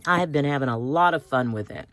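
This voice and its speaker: A woman's voice: very deep voice, animated, fast, fairly bright tone. A woman hosting a craft video, chatting casually and thinking aloud as she cuts out pictures.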